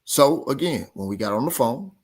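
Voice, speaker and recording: A man's voice: mid-range voice, normal speed, breathy edge. A man hosting a boxing talk show, ranting in a heated, casual way and repeating his points with emphasis. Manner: animated, repetitive, argumentative.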